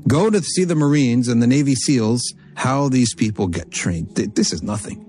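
A man giving a religious lecture, telling a story from Arabic texts and explaining it in English with animated, emphatic delivery. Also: mid-range voice, moderate pace. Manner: emphatic, repeats phrases for stress. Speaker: Islamic teacher.

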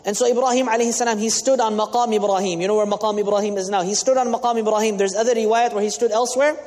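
Imam, male, high voice, teaching sermon with Arabic glosses, long hall reverb. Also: steady tone, very fast, darkish tone. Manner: explains Arabic terms with English glosses, asks the audience questions. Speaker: imam giving a talk.

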